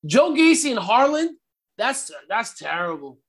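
A man's voice: extremely high pitch, sing-song, measured pace. Profane ranting New man. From Brooklyn, New York. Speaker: podcast co-host. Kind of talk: casual chat.

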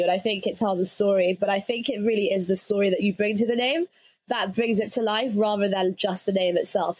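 A woman's voice: mid-range voice, dry recording. A young adult woman with an English accent, talking casually as an interviewee, laughing often and leaning on fillers like "like".

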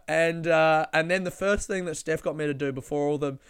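A young man, a comedian and podcast host, telling a story in a casual, animated way, laughing and swearing often. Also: fairly high pitch, unhurried, clear, resonant tone, no echo, studio quality.

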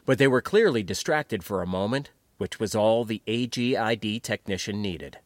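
A man's voice: on the low side, lively intonation, normal speed, dry recording. A man narrating a science fiction audiobook expressively, giving characters their own voices. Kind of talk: scripted sci-fi narration.

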